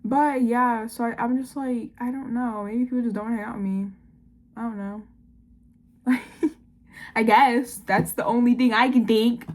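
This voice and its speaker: A nineteen-year-old woman in a casual confessional vlog, talking fast and rambling with lots of "like" and "I don't know.". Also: fairly high pitch, fairly even intonation. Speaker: vlogger.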